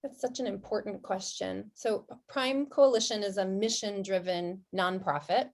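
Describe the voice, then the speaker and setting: A woman hosting a webinar discussion, speaking in a friendly, measured way and slowing down so the audience can keep up. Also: medium pitch, creaky. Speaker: webinar host.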